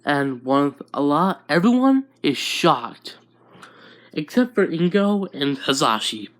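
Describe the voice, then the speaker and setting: Casual narrator, slow delivery, rambling fan story, chats to viewers. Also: medium pitch, sing-song, a bit bright.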